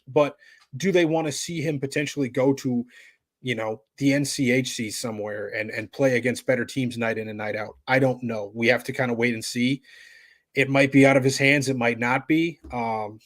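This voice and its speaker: A man's voice: medium pitch, steady tone, normal speed, no room sound. Laid-back man chatting sports. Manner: laid-back, rambling with many fillers. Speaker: podcast co-host. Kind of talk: casual sports chat.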